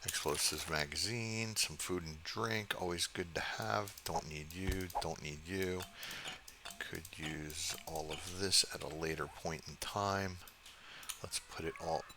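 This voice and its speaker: A man's voice: deep voice, a little slow, noisy background. An older man giving casual, profane, grumbling commentary while he plays a survival game. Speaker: game streamer.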